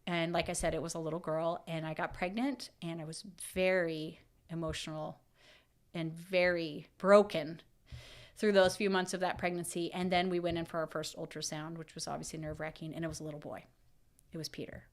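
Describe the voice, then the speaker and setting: A woman's voice: low voice, fairly quick. Woman in her 30s on a podcast, casual story time, gets emotional, acts out what she was thinking. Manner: storytelling, lively and emotional, quoting her own thoughts. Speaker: podcast co-host. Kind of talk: casual chat.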